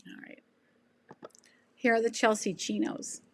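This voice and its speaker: A sewing channel host in her sixties, whose voice is failing, speaks at a fairly high pitch and an unhurried pace. During a casual livestream she rambles through viewer comments with plenty of ums and false starts.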